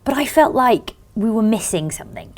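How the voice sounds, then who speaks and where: A woman's voice: a little high, sing-song, brisk, darkish tone. Bubbly British woman telling stories. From Britain. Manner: bubbly storyteller, acts out quotes. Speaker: magazine editor. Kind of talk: casual interview chat.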